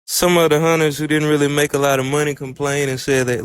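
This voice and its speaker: Male anime reviewer, relaxed storyteller with a slightly higher, clean voice. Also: quick pace, hardly any pauses, smooth, dry recording. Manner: loose, conversational storytelling with "like" fillers. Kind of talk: casual episode recap.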